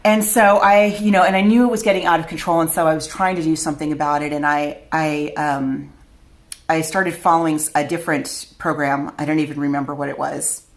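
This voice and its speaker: A woman's voice: low-pitched, steady tone, a little fast. A middle-aged woman vlogger telling a personal story to camera, chatty and candid, often laughing at herself.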